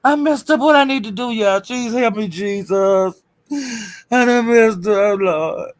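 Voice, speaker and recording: A woman's voice: medium pitch, a little slow. Flustered woman on a live stream. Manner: frantic, swearing, laughing, calling to viewers for help. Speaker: livestream host.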